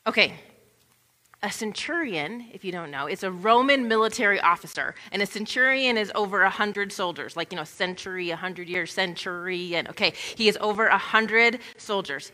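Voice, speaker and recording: Woman pastor, bright, forward voice, chatty sermon delivery, big reverberant hall. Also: medium pitch. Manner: chatty, informal asides with "like" and "you know". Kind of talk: conversational sermon. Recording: long reverb of a large hall.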